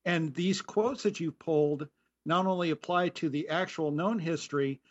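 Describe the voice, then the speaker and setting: Male co-host, slightly high voice, thoughtful questions, muffled lo-fi sound. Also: moderate pace. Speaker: podcast co-host. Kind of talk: podcast interview. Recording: dull lo-fi sound.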